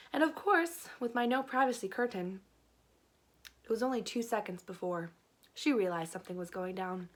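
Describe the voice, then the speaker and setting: A young woman spins a storytime tale on her vlog, chatty and full of fillers, laughing as she goes. Her voice sits a little high and swings up and down expressively. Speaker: vlogger.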